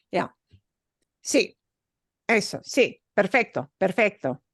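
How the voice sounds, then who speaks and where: A woman leads a Spanish lesson, punching key words and repeating example phrases. Her voice sits at a middle pitch and sounds dry and close to the mic. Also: slow pace, no echo. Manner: animated, emphatic, switches between English and Spanish examples. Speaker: Spanish teacher. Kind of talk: online class instruction.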